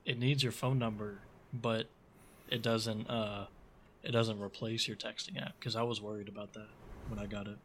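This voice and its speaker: A man co-hosting a casual podcast, speaking in halting bits with many restarts. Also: on the low side, little pitch movement, a bit bright, slight background noise. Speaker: podcast co-host. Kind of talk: casual chat.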